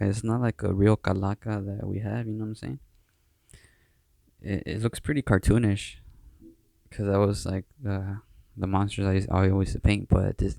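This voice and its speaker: A young Southern California man hosts a podcast, chatting casually and rambling with lots of slang, fillers and restarts. His voice is on the low side, gravelly and darkish, in a dry recording.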